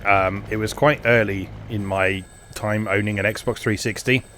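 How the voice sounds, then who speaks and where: A man's voice: on the low side, fairly even intonation, a little slow, sharp tone, slight background noise. Wry, chatty man commenting on a game. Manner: chatty, wry, many fillers. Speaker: retro game video host. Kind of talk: casual gameplay commentary.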